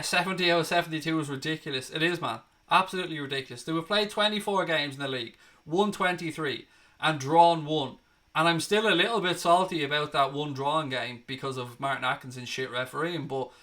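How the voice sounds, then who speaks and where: A man's voice: fairly high pitch, pushed and bright. A young man hosting a casual live stream, reading viewer comments aloud and calling them mate and buddy.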